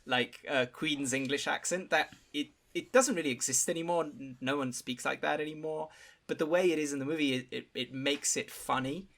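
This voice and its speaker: A man with a bright, forward voice talks through a film on a podcast. He often stops, restarts and fills gaps with small sounds as he thinks. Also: a little high, fairly even intonation. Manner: halting, many fillers and restarts. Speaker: podcast panelist. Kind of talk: casual film discussion.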